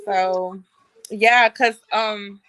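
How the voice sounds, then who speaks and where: A woman caller speaks slowly and hesitantly, apologizing and giggling between words. Her voice is bright and a little high, and the sound is dry and close. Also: fairly even intonation, clear, resonant tone, dry recording, low-quality recording. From Florida. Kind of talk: casual call-in chat. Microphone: video call.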